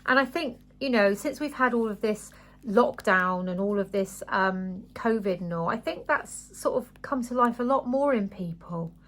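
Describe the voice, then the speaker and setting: A woman vlogging about craft supplies in a casual, excitable, gushing way. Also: medium pitch, normal speed. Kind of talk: casual unboxing chat.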